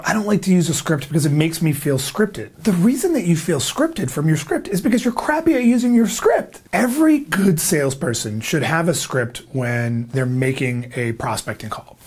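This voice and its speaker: A man giving a sales training lesson, emphatic and energetic, acting out prospects' replies. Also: on the high side, husky. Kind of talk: instructional talk to camera.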